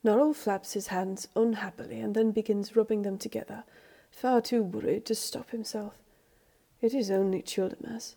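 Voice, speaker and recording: A woman reading a story aloud, in a measured, even storybook narration. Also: medium pitch, gravelly. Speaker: reader.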